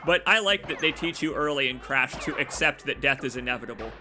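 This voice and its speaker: A young man streaming a game, rambling and joking with his chat, his voice a little hoarse from long talking. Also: mid-range voice, expressive, quick pace, background noise. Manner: rambling, joking, self-deprecating asides to chat. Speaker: let's play streamer. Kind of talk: casual gameplay commentary.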